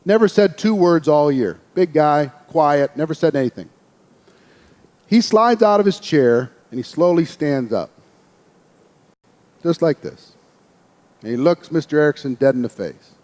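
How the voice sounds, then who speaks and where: A man telling a personal story in a lively speaking style, acting out the voices of the people in it. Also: fairly high pitch, unhurried, pauses often, long reverb tail. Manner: animated, acts out quoted voices. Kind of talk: storytelling speech.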